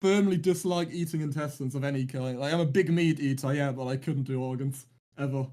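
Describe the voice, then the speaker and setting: A man casting a live esports stream, chatting casually with teasing, deadpan jokes and rambling restarts. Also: mid-range voice, fairly quick. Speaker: esports caster.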